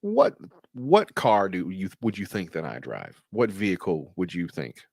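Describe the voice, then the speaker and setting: A man's voice: deep voice, wildly swooping pitch, a little slow, vocal fry, darkish tone, dry recording, studio quality. A man talking casually as a podcast guest, blunt and crude and swearing freely. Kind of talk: casual chat.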